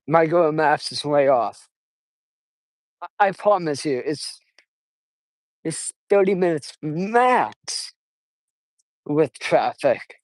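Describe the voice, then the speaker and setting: An eighteen-year-old man vlogging on a casual walk outdoors, talking quietly and rambling with halting restarts, recorded on wireless earbuds. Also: a little high, lively intonation, no echo, poor audio. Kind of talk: casual walking vlog.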